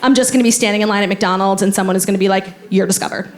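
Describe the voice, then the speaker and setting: A woman's voice: mid-range voice, fairly even intonation, racing, noisy background. Chatty female stand-up comedian. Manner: chatty, peppered with "like".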